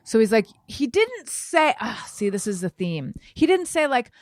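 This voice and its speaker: A woman co-hosting a casual podcast, telling a story with animated, acted-out quotes. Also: a little high, moderate pace, no echo, clean studio sound. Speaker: podcast co-host. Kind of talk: casual chat.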